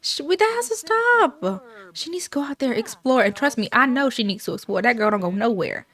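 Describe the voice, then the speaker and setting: A woman's voice: high voice, expressive, a little fast, a bit bright, heavily acted. A woman voicing a blunt, pushy grandmother who nags her family in slangy, matter-of-fact talk. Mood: insistent.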